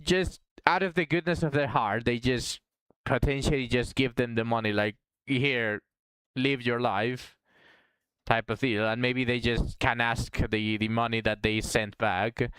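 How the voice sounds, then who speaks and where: A man's voice: medium pitch, a bit bright, clear, resonant tone, dry recording, rough recording. A man streaming and chatting casually on a headset mic, rambling and restarting his sentences in a laid-back way. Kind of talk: casual chat.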